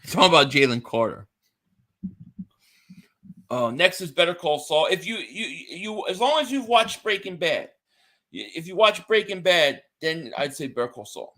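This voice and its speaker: A man's voice: on the high side, moderate pace. A man co-hosting a casual sports podcast, telling stories and reading viewer chat aloud. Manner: animated storyteller, reads viewer chat aloud. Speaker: podcast co-host.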